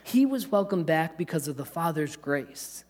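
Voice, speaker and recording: A man preaching a sermon, telling a parable in an animated way and acting out the characters' lines. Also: a little high, moderate pace. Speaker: pastor. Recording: long hall reverb.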